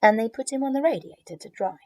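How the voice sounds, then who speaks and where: A woman teacher reads a picture book aloud to children, gentle and expressive, dropping in chatty asides. Her voice is a little high and she reads fast.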